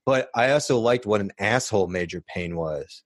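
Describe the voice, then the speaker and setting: A man co-hosting a casual podcast, rambling and animated as he tells stories. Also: on the low side, normal speed, no echo. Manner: rambling, restarts, animated storytelling. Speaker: podcast co-host. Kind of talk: casual chat.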